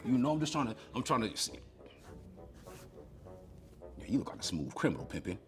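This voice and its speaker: A man's voice: on the low side, sing-song, brisk, music in the background. A man judging a lineup, talking in slangy, playful banter. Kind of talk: casual banter.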